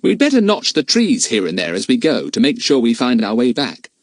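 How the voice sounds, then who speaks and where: A man voicing a sensible young boy who leads the group in a calm, decisive way. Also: mid-range voice, brisk, dry recording, studio quality, pitched above the performer's own voice.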